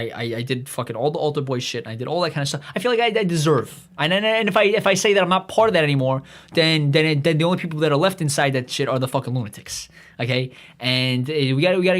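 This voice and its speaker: A man's voice: fairly high pitch, a bit bright. A man hosting a livestream, rambling through a profane monologue full of restarts and asides. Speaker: livestream host.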